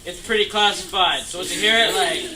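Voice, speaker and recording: A man's voice: high voice, fairly quick, crowd noise. A young man in his late teens telling a rambling, jokey tall tale in a camp cabin, full of fillers. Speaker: storyteller. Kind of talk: rambling comic storytime. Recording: echoey room with background noise.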